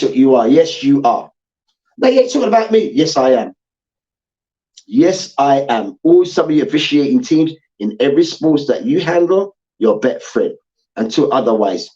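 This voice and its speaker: A man's voice: mid-range voice, darkish tone, muffled recording. A man hosting a sports debate show, ranting heatedly, swearing and repeating his points for emphasis.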